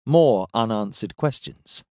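A man reading a science fiction story aloud in steady, descriptive narration. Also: on the low side, slow, dry recording, studio quality. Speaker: audiobook narrator.

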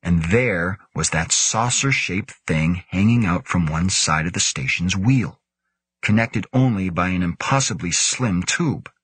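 A man narrating a science-fiction audiobook in a measured, steady way. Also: sits low, husky, no room sound. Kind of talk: scripted narration.

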